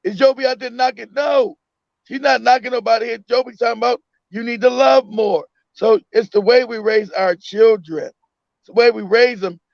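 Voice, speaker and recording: Man, high voice, emphatic and repetitive, casual chat; dry, dull lo-fi audio. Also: fairly even intonation, moderate pace, vocal fry, dry recording. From United States. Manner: emphatic, repeats himself, acts out a mother. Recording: dull lo-fi sound.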